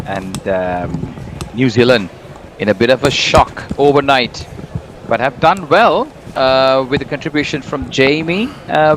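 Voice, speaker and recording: A man's voice: medium pitch, background noise. A man opening his cricket commentary stint with friendly greetings, then summing up the match so far. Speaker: commentator taking over the stream.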